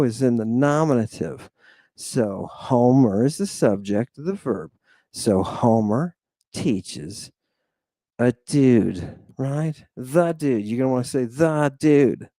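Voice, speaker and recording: Slow, mellow-voiced man teaching Greek. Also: medium pitch, dry recording. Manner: chatty, self-mocking, keeps asking "right?"; drawn-out, emphatic pronunciation drills. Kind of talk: recorded online language lecture.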